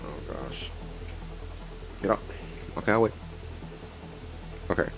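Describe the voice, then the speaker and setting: A man co-hosting a video game playthrough in casual banter, goofy and jokey, often breaking into high silly voices. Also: animated, slow pace, gravelly, faint music behind, poor audio. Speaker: let's play co-host.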